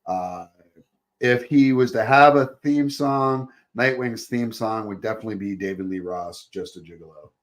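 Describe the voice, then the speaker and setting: A man's voice: lowish voice, moderate pace. A man hosting a podcast in casual chat, joking, rambling and laughing often. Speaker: podcast host.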